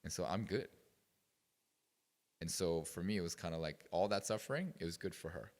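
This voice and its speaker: In the retreat meeting room, a man with a low, darkish voice talks at a moderate pace, the sound carrying a big-room quality. As a guest, he chats casually with the youth group, telling rambling stories packed with fillers.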